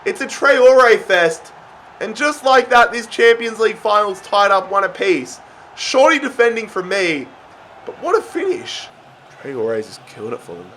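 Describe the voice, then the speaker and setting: A young man giving excited, often yelled commentary on his own football video game match. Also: high-pitched, a little slow, slight background noise. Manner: excitable, yells at big moments. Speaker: gaming YouTuber.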